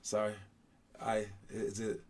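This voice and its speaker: A man's voice: on the low side, completely flat delivery, takes it slowly. A man coaching kids in a casual, rambling talk, joking and breaking into song now and then. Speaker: basketball coach teaching kids. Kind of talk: casual motivational classroom talk. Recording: music playing loudly underneath.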